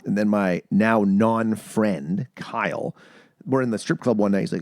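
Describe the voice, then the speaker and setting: A man's voice: lowish voice, a little slow, darkish tone, dry recording, studio quality. A man hosting a podcast, chatting casually and telling long, profane stories in which he acts out the other people's lines. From Canada. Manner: swearing storyteller, acts out quoted voices. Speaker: podcast host. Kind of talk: casual chat.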